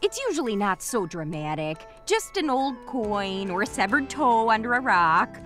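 Folksy archaeologist creature, Minnesotan accent, lively pitch, game music. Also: female voice, normal speed. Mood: cheery. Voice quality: folksy, upbeat. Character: folksy cheerful female grump archaeologist. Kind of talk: video game character dialogue. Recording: game audio with music behind.

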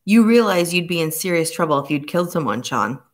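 A woman reading the part of a stern male police inspector who speaks slowly and grimly. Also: fairly low pitch, lively intonation. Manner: slow, measured and grim.

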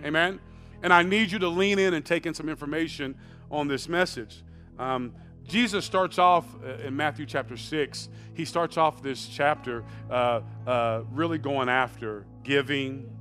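An American pastor with a notably high voice delivers a sermon in a church, moving between low, chatty asides and bursts of shouting. He stumbles over repeated words as he builds his points, and faint music sits behind him. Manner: swings from quiet conversational asides to loud shouted emphasis; repeats words and restarts phrases. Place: church sanctuary.

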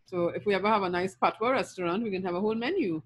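A middle-aged Trinidadian woman with a Trinidadian accent and a medium-pitched voice gives a recorded linguistics lecture at a rapid-fire pace. She lists terms steadily, with frequent ums.

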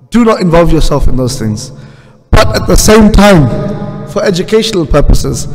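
A man's voice: on the high side, a little mellow. A man teaching a hadith lesson in a mosque, often asking the congregation questions and mixing in Urdu and Arabic terms. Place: mosque prayer hall. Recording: long hall reverb.

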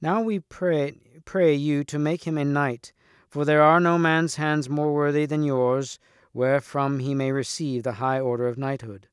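A devout abbess speaks slowly and earnestly in a slightly raised voice, as a man reading the story puts her on. The recording is dry. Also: fairly high pitch, fairly even intonation, clear, resonant tone, no room sound, natural voice. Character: solemn, devout older abbess.

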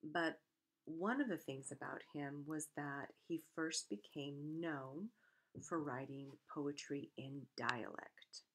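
Woman, low voice, literature lecturer, casual lecture delivery, self-corrections. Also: slow pace, a bit bright. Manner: conversational, with self-corrections and fillers. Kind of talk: recorded lecture.

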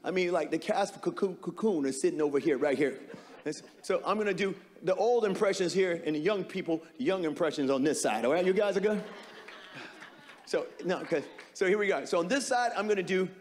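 A man's voice: sits high, a little fast. A man doing stand-up comedy as an impressionist, chatting loosely and laughing with a live audience in an echoey hall. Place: stage before a live audience.

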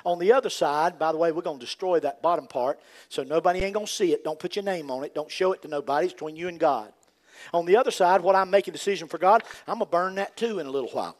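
Fervent older Southern preacher, high voice. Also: male voice, fast. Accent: Southern American. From North Carolina. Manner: fervent preaching with sudden loud rises and quiet drops. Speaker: pastor. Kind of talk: sermon.

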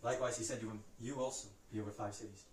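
A man reciting Bible passages from memory in a brisk, steady way, lifting his voice for the quoted cries. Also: fairly low pitch, echoey room, recorded from a distance, low-quality recording. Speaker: Scripture reciter.

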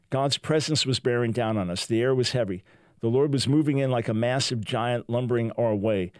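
A man's voice: mid-range voice, a little mellow, no echo, studio quality. An older American man hosting a Christian talk show, preaching fervently and reading a testimony aloud with emphasis. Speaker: radio show host.

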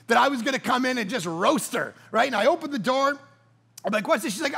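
A middle-aged man preaching a sermon as pastor, telling stories with animated swings between loud bursts and hushed, quiet passages. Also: very high voice, fast talker, creaky, husky.

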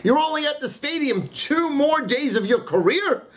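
A man, a sports handicapper doing a profane comic rant and a betting pitch. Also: lively intonation, moderate pace. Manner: loud, profane, ranting.

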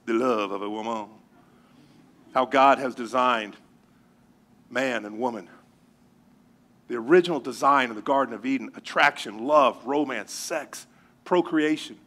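A male pastor preaching a sermon, animated and joking as he tells stories. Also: a little high. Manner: animated storytelling with jokes.

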